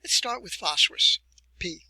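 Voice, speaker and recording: A man giving a recorded university lecture, explaining step by step with deliberate emphasis and rhetorical questions. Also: sits high, lively intonation, bright, forceful tone, breathy edge, no room sound, poor audio.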